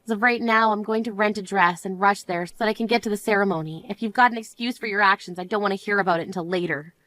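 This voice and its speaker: A woman's voice: medium pitch, fast talker, a bit bright, dry recording, natural voice. A woman voicing a young bride in an amateur voice drama, speaking in a firm, self-assured manner. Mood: cool firm. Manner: indignant, then cool and firm.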